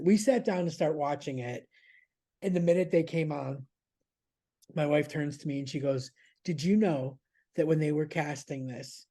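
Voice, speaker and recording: A man's voice: medium pitch, warm tone. A man chatting casually as a podcast's regular news contributor, rambling, laughing and swearing freely.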